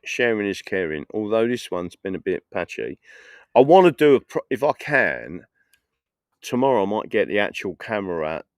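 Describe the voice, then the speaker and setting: A man's voice: deep voice, vocal fry, no room sound, studio quality. A middle-aged man live streaming, telling rambling anecdotes in casual chat and laughing often.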